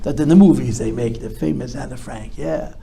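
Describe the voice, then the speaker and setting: A man's voice: mid-range voice, a little fast, gravelly, dark tone. A man, a rabbi, speaking to a live audience and answering their questions, reflective, with emphatic bursts. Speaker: rabbi giving a talk. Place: talk before a live audience.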